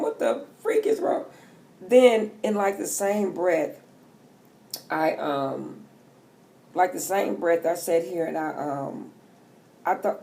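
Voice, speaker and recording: A middle-aged woman chats casually into her vlog, joking her way through loose, profane talk. Her voice sits low, with a gravelly edge and a mellow, dark tone. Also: slight background noise. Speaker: tarot reader.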